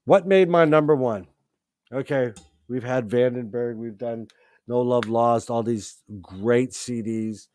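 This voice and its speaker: A man hosting a live stream, talking excitedly about his favourite rock albums, swearing freely and often restarting his sentences. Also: medium pitch, takes it slowly. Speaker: host. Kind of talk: live-stream music chat.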